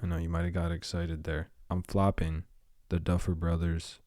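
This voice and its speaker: Low-voiced man with a slight lisp. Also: completely flat delivery, moderate pace, a little mellow. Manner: rambling, drifts off topic and back. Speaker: podcast host. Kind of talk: casual solo podcast rambling.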